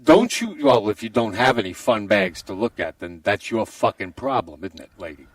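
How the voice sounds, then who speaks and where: A man's voice: lowish voice, big pitch swings, moderate pace. A man voicing a crude, boastful hybrid villain of a president and a masked comic-book brute, in comedy podcast improv. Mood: crude boasting. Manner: lewd, bragging, gravelly put-on villain drawl.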